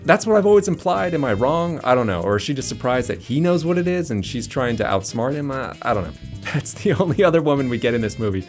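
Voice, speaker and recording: Excitable man gushing about a movie. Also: medium pitch, fast talker, faint music behind. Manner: enthusiastic, jokey, laughs often, many "like" fillers. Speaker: movie reviewer. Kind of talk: casual movie review monologue.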